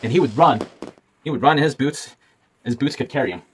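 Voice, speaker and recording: A man's voice: medium pitch, brisk, background noise. A man telling a playful, folksy story aloud and voicing its characters. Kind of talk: animated storytelling.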